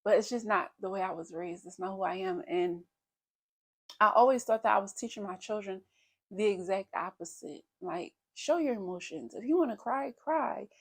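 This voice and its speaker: A woman's voice: mid-range voice, normal speed. A woman in her thirties, talking openly and reflectively about her feelings in a personal vlog. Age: 30s. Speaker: vlogger. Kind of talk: candid personal vlog talk.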